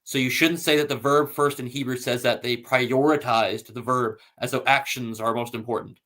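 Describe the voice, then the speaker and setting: A man's voice: medium pitch, steady tone, moderate pace, a bit bright. A man hosting a casual scholarly discussion, explaining patiently and reading citations aloud with frequent fillers. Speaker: host.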